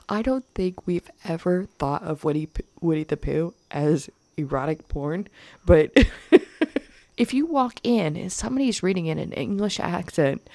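A woman co-hosting a podcast, telling trip stories in an animated way and laughing often. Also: lowish voice, a little slow, no echo. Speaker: podcast co-host. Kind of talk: casual chat.

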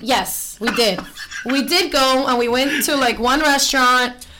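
A woman from Miami with a Miami accent, a podcast guest chatting casually, telling animated stories, acting out voices and slipping into Spanish. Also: high-pitched, a little slow, background noise. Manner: animated storytelling, acts out voices, switches into Spanish. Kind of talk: casual chat.

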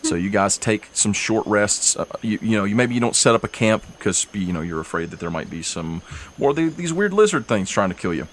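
Low-voiced game master. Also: male voice, a little hiss or hum. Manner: relaxed, halting, with fillers. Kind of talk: narrating a tabletop game.

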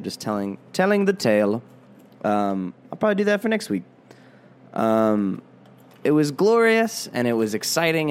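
Man hosting a podcast in put-on Irish accent. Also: on the low side. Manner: self-mocking, digressive, many fillers. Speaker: podcast host. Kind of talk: casual rambling podcast monologue.

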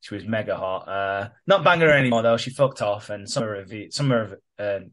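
A man's voice: on the low side, lively intonation, brisk, a bit bright. A man co-hosting a podcast, recapping a soap storyline in a rambling, sweary way. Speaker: podcast co-host. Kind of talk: casual recap chat.

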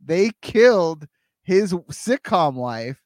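Playful, higher-voiced man riffing. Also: very animated, slow pace, a little mellow, dry recording, studio quality. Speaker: podcast co-host. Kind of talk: comedic podcast chat.

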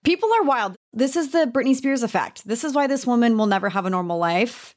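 A woman with a Southern US accent holds forth on a casual gossip podcast. Her voice sits a little high, and she is animated and frank, swearing freely. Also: a little fast. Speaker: podcast co-host, beauty writer.

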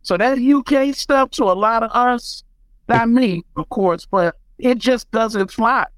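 An American man, a beatmaker guest on a podcast, telling stories in an animated, emphatic way. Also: extremely high pitch, a little slow, clean tone, no echo, poor audio. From United States. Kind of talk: casual podcast chat.

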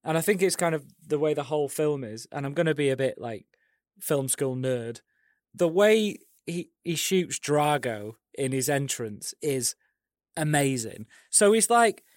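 A man co-hosting a casual film chat, cracking blokey, deadpan jokes. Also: a little high, measured pace, no echo, studio quality. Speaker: podcast co-host.

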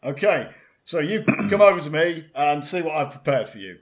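A man, chatting in a deadpan comedy double act, pedantic and self-assured, rambling with restarts. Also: fairly high pitch, normal speed.

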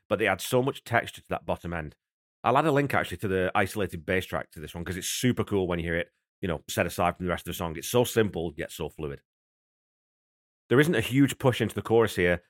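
On his music podcast, a host with a fairly low voice and fairly bright tone breaks down how a song was produced, keeping it easygoing and conversational. His enthusiasm for the music comes through, and the recording is dry with no room echo.

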